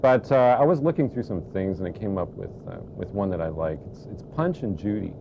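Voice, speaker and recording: Chatty hesitant male narrator, gravelly, lively pitch, muffled lo-fi sound. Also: a little fast, noisy background. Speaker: puppet show narrator. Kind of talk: casual storytelling. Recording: dull lo-fi home recording.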